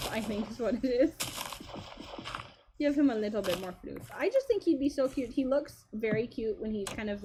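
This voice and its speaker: A young woman co-hosting a game stream, chatting casually and rambling with frequent laughter. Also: mid-range voice. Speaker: streamer co-host. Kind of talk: casual chat while playing a game. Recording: noticeable background noise.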